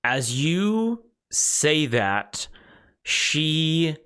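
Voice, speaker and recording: A man's voice: fairly high pitch, very animated, extremely slow, pushed and bright, clean tone. A man narrating as game master of a tabletop game, rambling with fillers. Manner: rambling, many fillers and restarts.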